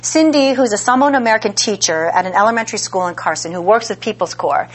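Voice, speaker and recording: A woman's voice: medium pitch, animated, fast. A woman giving an academic lecture in a conversational way, often checking in with the listeners. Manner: conversational, frequent "right?" check-ins.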